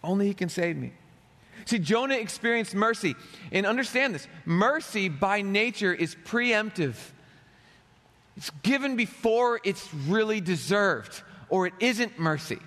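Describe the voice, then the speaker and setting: High-voiced preacher in a reverberant hall. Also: male voice, lively intonation, measured pace, a bit bright. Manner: dramatic, acts out quoted voices. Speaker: pastor. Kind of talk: sermon.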